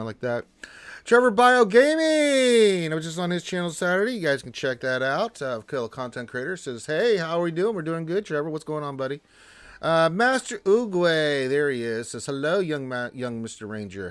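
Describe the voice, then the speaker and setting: A man hosting a casual gaming live stream, reading viewer chat in a loose, chatty way with restarts and sudden lifts in pitch. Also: expressive, fairly quick, clean tone, no room sound.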